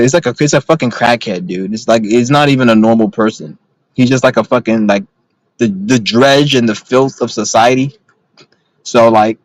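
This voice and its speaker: With a mid-range voice, a young male vlogger sits in his car and tells profane, rambling stories straight to the camera, blunt and worked up. The recording is dry and rough.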